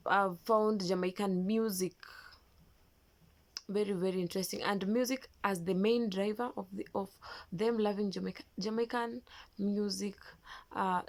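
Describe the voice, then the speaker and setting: A woman hosts a commentary video, speaking in an even, middle pitch. She stops and restarts often, filling gaps with hesitations as she explains. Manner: hesitant, many fillers and restarts. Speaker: commentary host. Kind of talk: YouTube commentary.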